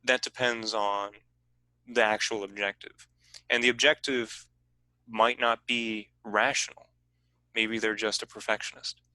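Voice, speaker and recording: Man, workshop presenter, bright ringing voice, dry close sound, lowish pitch. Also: measured pace, pauses often, no room sound, rough recording. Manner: relaxed, conversational teacher. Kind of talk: online teaching workshop.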